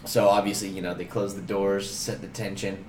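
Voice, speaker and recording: A man's voice: low voice, level tone, moderate pace, reverberant, slight background noise. A man co-hosting a podcast, chatting casually and recapping scenes, swearing freely. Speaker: podcast co-host. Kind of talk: casual chat.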